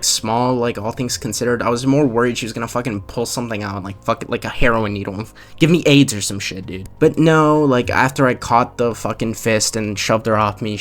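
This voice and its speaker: A man's voice: mid-range voice, fairly bright tone. A man in his twenties telling a story in a rambling, casual rant, full of swearing and fillers. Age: 20s. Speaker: vlogger.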